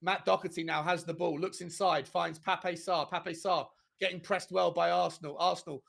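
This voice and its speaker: An Irish man calling a match live for a fan stream, his voice high and bright with a gravelly rasp. He bursts into shouts and curses when a shot goes in on goal. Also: level tone, moderate pace. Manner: shouts and screams at big chances, swears. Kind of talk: excited fan play-by-play commentary.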